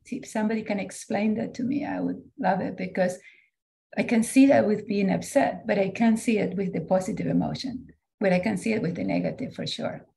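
A woman in a discussion group hesitantly works through a question, restarting as she searches for words. Her voice is mellow and dark with a gravelly edge, pitched in a middle range. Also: fairly quick. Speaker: study group participant. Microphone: video call.

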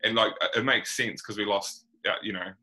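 Kiwi guy hosting a hoops podcast, super bright tone, rambly and relaxed. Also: lowish voice, moderate pace, rough recording. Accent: New Zealand. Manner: chatty, rambling, laid-back slang. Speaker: podcast host. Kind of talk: casual chat.

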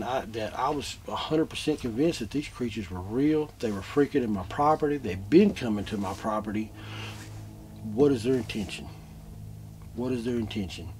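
A man telling his own encounter in an interview, animated, repeating himself, going from loud bursts to hushed tones. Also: mid-range voice, normal speed, slight background noise. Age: adult, a father. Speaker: eyewitness interviewee. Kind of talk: emotional first-person retelling.

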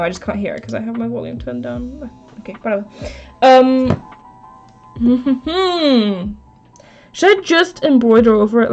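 A woman with a fairly high voice chats casually on a live stream, thinking aloud and talking back to her viewers. The audio is a bit dull, with soft music playing underneath. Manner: chatty, thinks aloud, answers chat. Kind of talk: casual live-stream chat while crafting.

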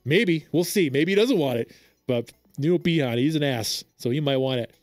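A reaction channel host comments on a game trailer, gushing and excitable, with loud exclamations, laughter, and rambling fan commentary full of restarts. His voice is on the high side at a moderate pace, with no echo and soft background music.

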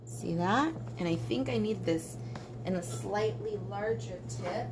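A woman's voice: medium pitch, a little slow, background noise. Chatty, self-mocking woman artist. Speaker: artist and vlogger. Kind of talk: casual chat while coloring.

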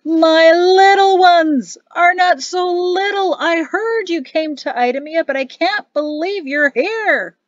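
A woman's voice: extremely high pitch, slow, hardly any pauses, no echo, lo-fi sound, voice pushed up. A woman voicing a huge, jolly former soldier who bellows with joy, in a storybook reading. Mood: overjoyed. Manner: bellowing, exuberant.

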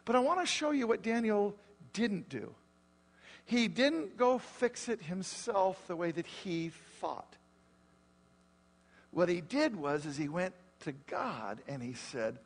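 A man preaching a sermon as pastor, explaining scripture in an animated, conversational way with frequent questions to the congregation. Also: high voice, slow pace. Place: church.

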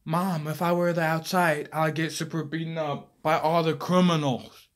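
A man's voice: fairly high pitch, little pitch movement, normal speed. A young man performing a comic monologue as a lazy, sarcastic teenage boy superhero who sighs often. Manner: sarcastic, exasperated, sighing. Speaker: actor playing a teen superhero.

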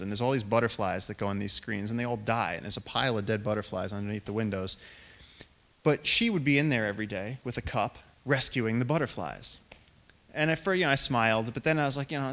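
A man in his thirties, a naturalist giving a public talk, telling stories in an animated way and acting out quoted voices. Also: medium pitch. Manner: animated storyteller, acts out quotes in raised voices. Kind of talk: storytelling lecture.

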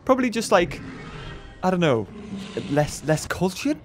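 A man's voice: high voice, big pitch swings, unhurried, over music. A man from England, hosting casual let's-play commentary, rambling and chatty with lots of fillers and restarts. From northern England. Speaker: gaming video host.

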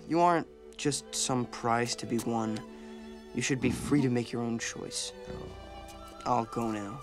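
An actor voicing a shy, earnest young man who speaks softly in an animated film. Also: medium pitch, slow pace, pauses often, over music. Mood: tender. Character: bashful charming young man with a magic carpet.

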